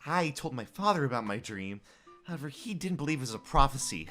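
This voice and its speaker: An earnest young princess speaks her game lines with dramatic sincerity, as a woman reads them. The voice is low for a woman but moves expressively up and down. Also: expressive, a little fast, a bit bright, soft background music.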